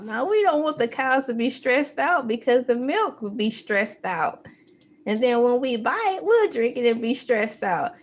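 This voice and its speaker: A woman's voice: medium pitch, a little hiss or hum. A woman hosting a morning livestream in casual chat, playful and joking as she talks. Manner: slow, playful, breaks into sung bits and laughter. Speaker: livestream host.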